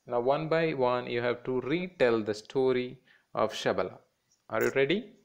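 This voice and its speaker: A man's voice: mid-range voice, moderate pace, creaky, lo-fi sound. A man teaching a children's class in Indian English, patiently repeating words and breaking them into syllables.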